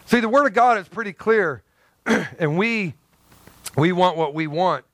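A man preaching a sermon as pastor, lively and joking, swinging between loud emphasis and soft asides. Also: high voice, measured pace, no echo.

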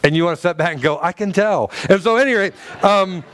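A man's voice: sits high, very fast, fairly bright tone, slight background noise. A middle-aged man preaching a sermon as pastor, chatty and joking, with frequent restarts and laughs.

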